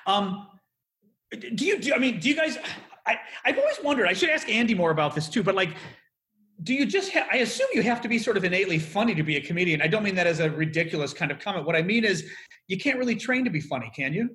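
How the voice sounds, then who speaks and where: A man's voice: high-pitched, big pitch swings, quick pace, a bit bright. A man co-hosting a podcast, asking questions in a rush with restarts and laughs mid-sentence. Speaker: podcast host. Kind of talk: casual podcast interview.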